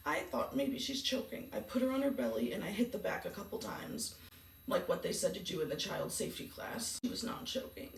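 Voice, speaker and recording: A woman's voice: sing-song, a little fast, slight background noise. A woman vlogger telling a painful personal story in a subdued, grief-stricken way. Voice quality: gravelly low voice. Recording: echoey room from a distance.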